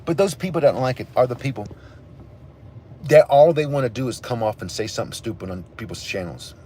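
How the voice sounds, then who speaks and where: A man's voice: medium pitch, lively intonation, fast, dark tone, a little hiss or hum. A man hosting a livestream, ranting angrily and profanely at his chat. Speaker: livestream host. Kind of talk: angry livestream rant to chat.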